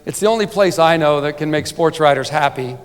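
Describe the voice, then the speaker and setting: A man with a fairly high voice tells a wandering, funny story from a banquet podium. He keeps checking in with the crowd with quick asides. The hall behind him carries a long, trailing reverb. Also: clean tone. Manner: chatty comic storytelling, frequent "right?" asides. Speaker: sportswriter giving an award speech. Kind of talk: humorous banquet speech.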